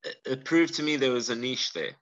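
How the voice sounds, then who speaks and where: South African man guest, bright forceful voice over a dull call line, self-deprecating, hesitant. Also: mid-range voice, brisk. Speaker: knifemaker guest. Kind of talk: casual interview. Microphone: video call.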